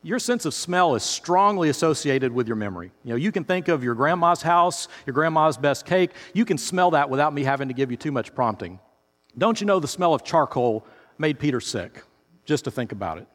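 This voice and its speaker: Man preaching, chatty storytelling sermon, kinda high voice, echoey hall. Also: fairly bright tone. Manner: conversational storytelling, speaks straight to listeners. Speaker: pastor. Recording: reverberant hall.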